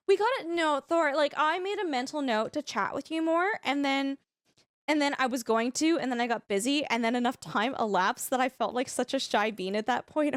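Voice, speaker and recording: Female streamer, effusive rambling commentary, slightly high pitch. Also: lively intonation, moderate pace, no room sound. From Canada. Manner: chatty, rambling, lots of filler "like"; gushing, effusive toward viewers. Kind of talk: live gameplay commentary.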